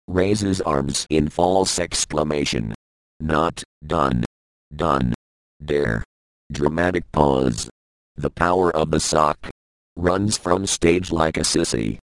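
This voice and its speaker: Deadpan man, very low and unhurried, reads a comedy script with stage directions. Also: dry recording. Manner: deadpan, dull delivery. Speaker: comedian reading a stand-up script. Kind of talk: scripted stand-up read aloud with stage directions.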